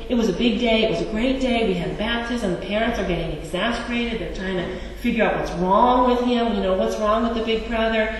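Brief: woman preacher, chatty and wry, fairly high voice, heard from afar in a long-reverb church hall. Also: slight background noise. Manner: conversational and wry, with asides to the congregation. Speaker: pastor. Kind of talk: sermon. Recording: echoey church hall, distant mic.

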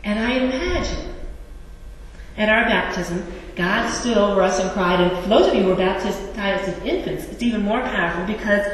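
A woman's voice: medium pitch, normal speed, a little hiss or hum. Wry woman pastor in an echoey church. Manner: conversational and wry, with asides to the congregation. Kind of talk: sermon. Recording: echoey church hall, distant mic.

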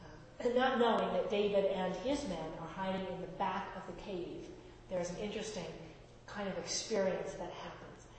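A woman teaching a Bible lesson, retelling and reading scripture in a brisk, conversational storytelling manner. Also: medium pitch, a little mellow, a little hiss or hum. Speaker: preacher. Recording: echoey hall reverb.

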